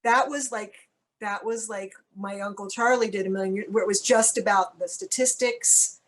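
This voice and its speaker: A woman's voice: mid-range voice, fairly even intonation, moderate pace. A woman from the United States, an actress, chatting as an interview guest in a rambling way, full of "like"s and self-corrections, with wry, blunt humor. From United States (Cincinnati). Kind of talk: casual chat.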